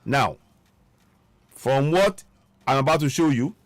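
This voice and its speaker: A man delivering an impassioned political monologue, forceful and repetitive, with a preaching cadence. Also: medium pitch, lively intonation, slow pace, dry recording. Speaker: political commentator.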